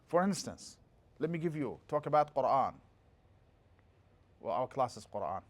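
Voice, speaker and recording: A middle-aged man, speaking at medium pitch, delivers a classroom lecture as a religious teacher. His explanations are lively, and he breaks now and then into quick chanted passages of scripture.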